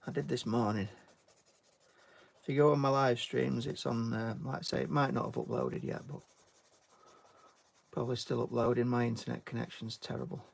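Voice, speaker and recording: A man's voice: medium pitch, steady tone, moderate pace, creaky, pauses often. A British man chatting casually while giving a drawing tutorial and thanking viewers. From Britain. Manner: chatty, reads out viewer names and thanks them, "mate". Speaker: artist live-streaming.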